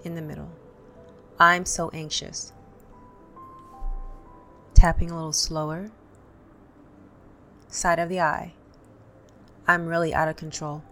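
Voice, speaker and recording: A woman with a low voice and a touch of vocal fry leads a guided tapping session. She calmly names each tapping point and repeats affirmations for listeners to say after her. Faint music plays underneath. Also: slow, pauses often. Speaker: tapping instructor.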